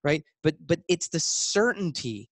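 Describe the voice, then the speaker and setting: A man being interviewed as a guest author, talking in a blunt, emphatic way and acting out both sides of sales pitches. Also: expressive, a little slow, a bit bright, no echo, studio quality.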